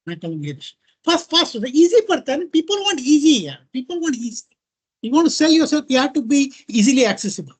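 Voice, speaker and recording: Man, middle-aged, Indian accent, husky, animated talk to an audience, mixes in Hindi. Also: very high-pitched. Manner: animated, mixes Hindi into English, repeats "right?" and "okay?". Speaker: guest speaker.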